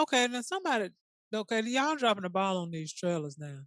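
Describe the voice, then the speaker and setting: A podcast co-host chatting casually in a sassy, colloquial way, quick to react. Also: medium pitch, sing-song, fairly bright tone, dry recording. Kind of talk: casual chat.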